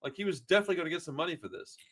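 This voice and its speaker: With a slightly high, sing-song voice that races along and has a bit of brightness, this podcast host in his 40s tells long, rambling stories in casual conversation. He curses a lot and says "dude" constantly.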